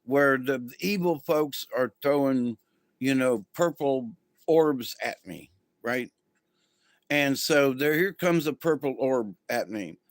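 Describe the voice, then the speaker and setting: A man's voice: medium pitch, lively intonation, takes it slowly, dry recording. A man hosting a casual spiritual livestream, talking to viewers in a rambling, easygoing way with many ums and restarts. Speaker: spiritual channel host.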